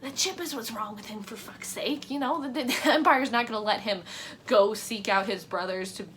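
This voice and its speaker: A woman's voice: a little high, normal speed, fairly bright tone, slight background noise. A woman giving casual reaction commentary, ranting in exasperation with lots of swearing and mocking quoted lines. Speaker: reaction vlogger.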